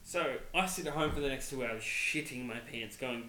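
A man co-hosting a casual chat show, telling stories full of swearing and laughter. His voice is mid-pitched and sounds a bit roomy, as if recorded in an echoey space. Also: moderate pace, few pauses, a little hiss or hum. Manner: swears constantly, animated storytelling with laughter. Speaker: podcast co-host. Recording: echoey room.

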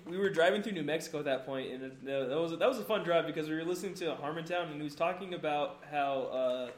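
A man's voice: on the high side, quick pace. A young man hosting a podcast, reading his notes aloud and telling stories with lots of laughing and swearing. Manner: laughs often, swears freely, animated storytelling. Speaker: podcast host. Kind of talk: casual group chat, reading notes aloud. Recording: echoey room.

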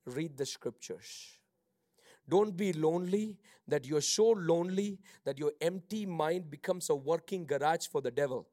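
A male pastor delivering a sermon, moving between quiet reflective passages and loud, fervent preaching, with halting restarts when he speaks off the cuff. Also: on the high side.

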